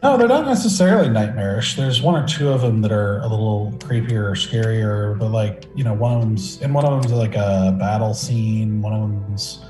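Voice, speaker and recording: Low-voiced man running a tabletop game. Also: fairly even intonation, moderate pace, hardly any pauses, mellow. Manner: hesitant, lots of fillers and restarts. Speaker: game master. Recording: echoey room with music bed.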